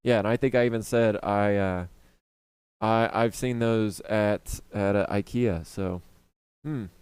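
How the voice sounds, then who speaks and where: A man's voice: lowish voice, fairly even intonation, unhurried, a little mellow, clean tone, dry recording. A young man chatting casually on a live stream, greeting viewers by name and rambling with fillers and restarts.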